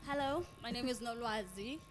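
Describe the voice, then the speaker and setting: A woman in the audience asking a soft, careful question. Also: fairly high pitch, moderate pace. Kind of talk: question from the floor. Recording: distant mic with music behind.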